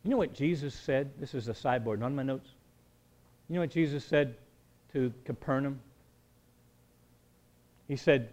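A man as pastor, preaching a conversational sermon with joking asides and shifts between quiet talk and emphatic build-ups. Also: medium pitch, normal speed, pauses often.

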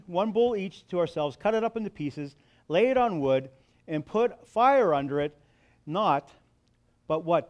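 Male preacher, pitched high, reads scripture and quizzes his listeners. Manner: asks the listeners questions and answers them himself. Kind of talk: sermon, reading scripture.

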